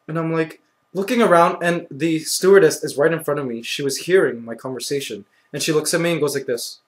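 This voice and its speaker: A young man vlogging, telling a story with excitable, acted-out reactions and lots of "like" and "you know". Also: fairly high pitch, brisk. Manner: excitable, acts out his own reactions with sudden loud outbursts; peppers speech with "like" and "you know". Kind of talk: animated storytelling.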